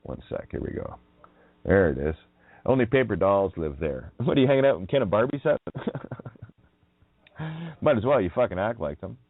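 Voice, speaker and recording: A man with a low voice that swoops up and down, delivering a profane, mocking monologue. He chuckles and drags words out in sing-song wordplay. His voice comes through dry and tinny, as if over a phone line. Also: very animated, moderate pace, pauses often, slightly rough, dry recording. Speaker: radio show host.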